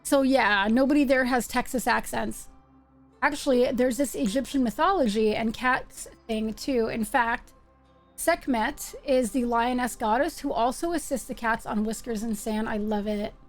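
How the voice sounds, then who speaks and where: Woman streamer, playful running chatter over a game, higher voice, faint music behind. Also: moderate pace. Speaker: live-stream host. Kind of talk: casual live-stream chat while gaming.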